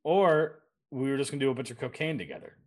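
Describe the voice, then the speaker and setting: A young adult man co-hosting a podcast, rambling through anecdotes in a relaxed casual chat with frequent laughs. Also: medium pitch, quick pace. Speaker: podcast co-host.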